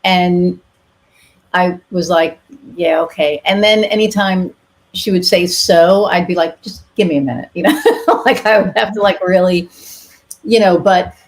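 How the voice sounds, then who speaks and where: A woman's voice: fairly low pitch, steady tone, a little slow. A woman podcast host chatting candidly, telling a personal story with casual swearing and lots of fillers. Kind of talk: casual interview chat.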